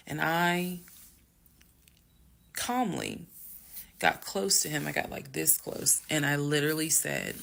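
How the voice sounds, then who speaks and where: A woman telling a personal story to her viewers, emphatic and dramatic, slowing down to stress words and then rushing ahead. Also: low voice, gravelly, fairly bright tone. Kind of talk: casual storytime monologue.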